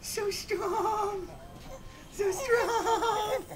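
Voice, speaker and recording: A woman's voice: very high voice, steady tone, drawn-out words, a loud crowd, rough recording. A woman cooing, coaxing and cheering on a baby in a home video.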